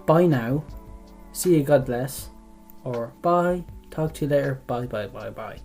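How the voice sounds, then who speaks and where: Soft music sits under this clip of a young Irish vlogger doing a quiz, his casual chat rambling, full of swearing, and drifting off mid-thought. He speaks in a mid-range, expressive voice that's a little mellow, at a measured pace.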